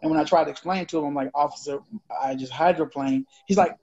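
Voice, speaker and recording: A co-host on a podcast recounts something from his own life casually and with animation, acting out the dialogue. His voice is fairly high and fast, and the podcast recording sounds dull and lo-fi.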